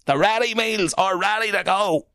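Impression: man doing brash Irish ready-meal salesman, high, hard-selling. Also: normal speed, no echo, clean studio sound. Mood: pushy. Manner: pushy, shouty sales pitch.

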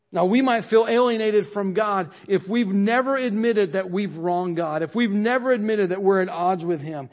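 A man preaching as pastor at a service, earnest and building phrase on phrase, with his voice dropping low at the end of lines. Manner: earnest, repeats phrases for emphasis, drops low at line ends. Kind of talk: sermon.

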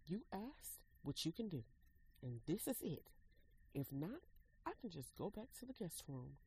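A woman's voice: on the low side, very animated, unhurried, darkish tone, husky, heavily acted, rough recording. A woman voicing a cold, demanding husband. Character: stern blunt husband, adult man.

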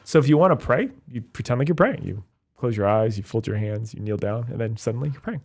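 A man, a Catholic priest, talking in a relaxed, animated chat full of fillers like "like" and "you know". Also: medium pitch. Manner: fast, animated, many fillers. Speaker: Catholic priest, podcast co-host. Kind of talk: casual chat.

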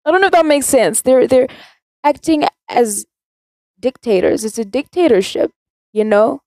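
A teenage girl from South Africa rants casually on her own podcast, chatty and rambling, often contradicting herself. Her high-pitched voice is animated with a dark tone, at normal speed and with no echo.

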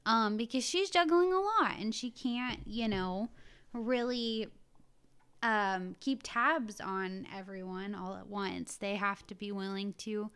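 Woman cohost chatting, emphatic and lively, teasing a bit. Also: medium pitch, slow, smooth. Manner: animated, emphatic, sometimes teasing. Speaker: podcast co-host. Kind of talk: casual recap chat.

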